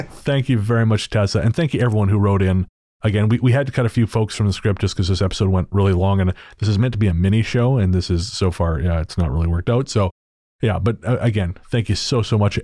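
A man's voice: lowish voice, dark tone, no room sound, clean studio sound. A man hosting a podcast, chatting casually with sarcastic, profane jokes and frequent laughter. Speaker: podcast host.

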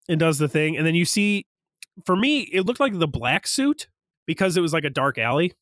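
Young male co-host, lively storyteller, lightly higher pitch, dry recording. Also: normal speed, pauses often, no room sound. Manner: animated, acts out quoted lines. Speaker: podcast co-host. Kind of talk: casual movie recap chat.

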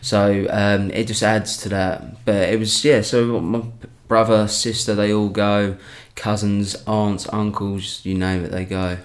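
A man's voice: lowish voice, level tone, measured pace, few pauses. A young man, a stand-up comedian, chatting casually on a podcast and rambling through many restarts.

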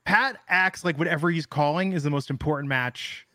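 A man's voice: fairly high pitch, normal speed, pushed and bright, dry recording. A man co-hosting a casual wrestling podcast, rambling with lots of fillers and wry jokes. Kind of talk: casual chat.

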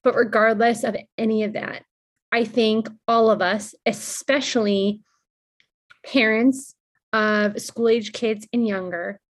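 A woman's voice: fairly high pitch, steady tone, slow. A woman co-hosting a podcast, speaking earnestly and reflectively in casual chat. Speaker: podcast co-host.

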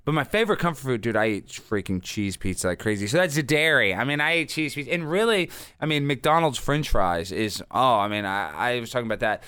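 A man in his thirties, a guest telling rambling, animated stories with lots of fillers. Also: mid-range voice, brisk, smooth, no echo. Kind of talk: casual interview storytelling.

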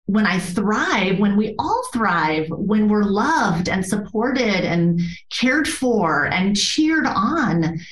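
Brief: woman, interview guest, yoga therapist, earnest and expressive storyteller, mid pitch, roomy echo. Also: drawn-out words, few pauses. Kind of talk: conversational interview. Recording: echoey room.

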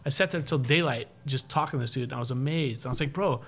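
A man who paints graffiti, telling stories in a casual podcast chat, swearing a lot and laughing often, with rapid bursts of speech. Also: mid-range voice, a bit bright, slight background noise. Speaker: graffiti artist and live-stream host.

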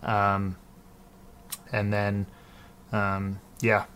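A man's voice: fairly low pitch, monotone, drawn-out words, fairly bright tone, clear, resonant tone. Rambling man recapping a film. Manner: rambling, lots of ums and restarts. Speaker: podcast co-host. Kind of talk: casual film recap chat.

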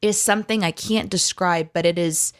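A woman's voice: lowish voice, normal speed. A woman co-hosting a podcast in casual chat, talking animatedly and laughing often. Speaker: co-host.

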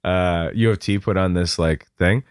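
A man's voice: low voice, moderate pace, smooth, dry recording, clean studio sound. A man, a comedian guest, telling stories in casual conversation. He acts out voices and laughs often.

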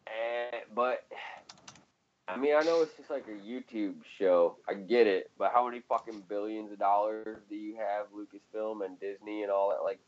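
Low-voiced man ranting casually, lo-fi. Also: fairly even intonation, normal speed. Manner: profane, ranting, laughs often. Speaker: podcast co-host. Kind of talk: casual chat.

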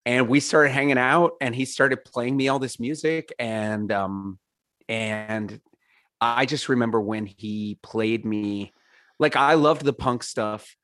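A man's voice: medium pitch, slow, a bit bright, dry recording, clean studio sound. A man telling stories in a casual interview, rambling with lots of fillers, laughing and swearing. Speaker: podcast guest, singer.

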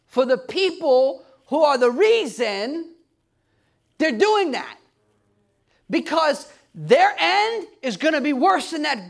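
A man preaching a sermon in an emphatic style, building up to shouts at its peaks. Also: very high voice, vocal fry.

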